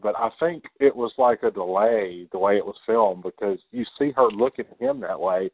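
Deeper-voiced guy stammering through movie trivia, super into it, phone-ish dry sound. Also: fairly quick, few pauses, dry recording, phone-quality sound. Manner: stammering, enthusiastic, trivia-minded. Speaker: podcast co-host. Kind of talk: casual movie discussion.

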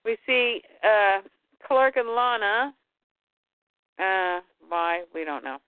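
Speaking slowly and expressively at a medium pitch, this podcast co-host walks through a comic book story, giving the characters lightly changed voices as she quotes them. The line sounds dry and phone-like, without any room sound.

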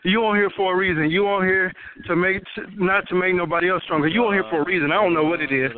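A man's voice: high-pitched, fairly even intonation, fast. A man on a chat line, scolding another caller with repeated questions. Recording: tinny phone line, crowd behind.

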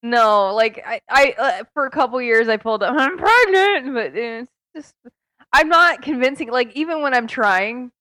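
A woman's voice: on the high side, normal speed, fairly bright tone, no echo. A woman co-hosting a podcast in casual chat, giggling and self-deprecating as she tells a story. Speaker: podcast co-host.

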